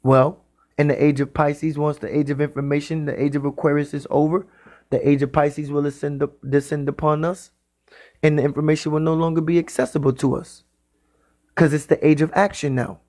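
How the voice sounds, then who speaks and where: A man giving a spiritual talk in the style of a sermon. He speaks emphatically and repeats his phrases, sometimes drawing them out slowly. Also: fairly high pitch, flat delivery, a little mellow. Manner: repetitive, emphatic, drawn-out phrasing. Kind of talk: preaching monologue.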